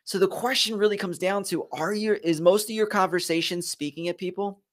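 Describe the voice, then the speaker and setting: A man's voice: high-pitched, fairly quick. A man from Philadelphia hosting a motivational live stream, speaking earnestly and with emphasis straight to his viewers. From Philadelphia, USA. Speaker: host of a leadership live stream.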